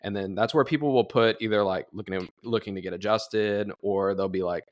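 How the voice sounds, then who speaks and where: Casual young man, fairly low voice. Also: a little fast. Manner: animated storyteller acting out phone calls. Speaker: podcast co-host. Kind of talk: casual podcast chat.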